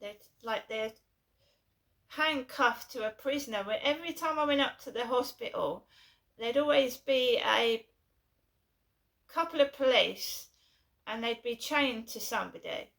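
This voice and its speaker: Woman vlogger, middle-aged, from England, rambling, fillers and restarts, bright voice, somewhat high. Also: measured pace, creaky, long pauses. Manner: rambling, repeats herself, many fillers and restarts. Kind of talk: rambling personal storytelling.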